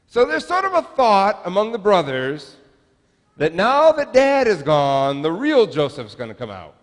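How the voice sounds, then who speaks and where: A man's voice: high-pitched, wildly swooping pitch, unhurried, long reverb tail. A man in his forties, a pastor giving a sermon in a chatty, humorous storytelling manner, recorded in a church sanctuary.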